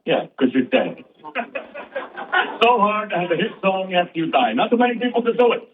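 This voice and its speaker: A man doing stand-up comedy on stage, bantering quickly and playfully with the crowd. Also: sits high, sing-song. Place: stage before a live audience. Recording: tinny far-off stage recording with music.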